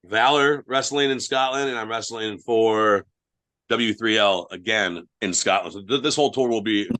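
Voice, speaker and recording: A man's voice: fairly low pitch, normal speed, fairly bright tone. A young man, a guest wrestler, telling blunt, profane stories in casual podcast chat.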